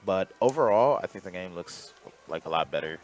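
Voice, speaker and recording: A man co-hosting a podcast in relaxed chat, laid-back and constantly saying "like". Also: sits low, a little fast. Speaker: podcast co-host.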